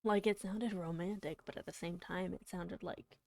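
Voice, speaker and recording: A woman streamer chatting casually on a live reading stream, soft-spoken and emotional, halting as she talks and often slipping into a whisper. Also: fairly low pitch, steady tone, creaky, dry recording. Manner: halting, with many restarts and fillers.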